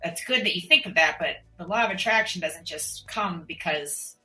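Casting: low-pitched woman host with a forceful, bright tone, talkative. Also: normal speed, soft background music, rough recording. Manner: chatty, animated, rambling. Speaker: podcast host. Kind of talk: casual interview chat.

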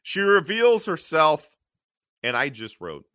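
A man co-hosting a podcast, recapping an old TV episode in an animated way, acting out the characters' lines and often clearing his throat. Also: on the high side, slow pace, no echo, clean studio sound. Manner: animated storytelling, acting out quotes in funny voices. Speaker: podcast co-host.

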